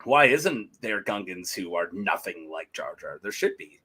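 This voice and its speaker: Guy cohosting a fan podcast, bright punchy voice, rambles on with strong opinions. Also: sits low, sing-song, normal speed, husky. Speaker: podcast co-host. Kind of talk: casual fan chat.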